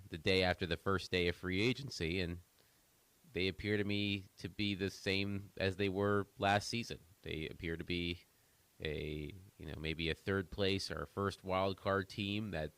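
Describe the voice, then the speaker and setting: Man, deep voice, halting sports analysis, dry sound. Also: fairly even intonation, fairly bright tone, clear, resonant tone, dry recording. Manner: halting, hesitant, many fillers. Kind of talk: radio analysis.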